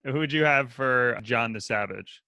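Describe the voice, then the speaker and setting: A man's voice: medium pitch, normal speed, sharp tone, no echo. A man co-hosting a casual book club podcast, joking and teasing his co-host and laughing a lot.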